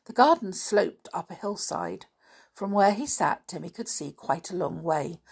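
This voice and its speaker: Slow, gravelly woman reading a storybook. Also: lowish voice. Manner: calm, unhurried storytelling. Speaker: narrator.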